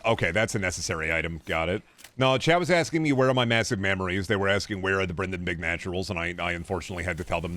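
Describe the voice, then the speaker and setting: A man's voice: fairly low pitch, animated, fast talker, a bit bright. A man streaming himself playing a game, giving casual, crude and joking commentary that rambles from thought to thought.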